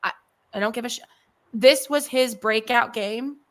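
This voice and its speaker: A woman's voice: on the high side, moderate pace. A young woman co-hosting a podcast, chatting casually about basketball, emotional and rambling, with salty language. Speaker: podcast co-host. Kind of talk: casual sports chat.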